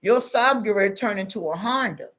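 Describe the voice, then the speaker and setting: Speaking fairly quickly in a medium-pitched, fairly bright voice, a woman gives unscripted spiritual advice. She's blunt and confrontational, heavy with street slang, and addresses the listener head-on, repeatedly tagging lines with "you know what I'm saying."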